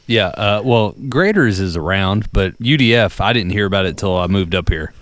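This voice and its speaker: A man's voice: lowish voice, expressive, normal speed, fairly bright tone. Joking man in casual podcast chat. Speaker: podcast co-host.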